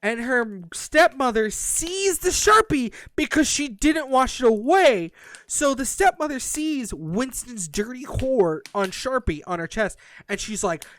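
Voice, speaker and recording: A man's voice: extremely high pitch, a little slow, no room sound. A man co-hosting a podcast, casually recapping a book's plot with lots of swearing. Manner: animated, profane plot recap. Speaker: podcast co-host. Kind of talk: casual book review chat.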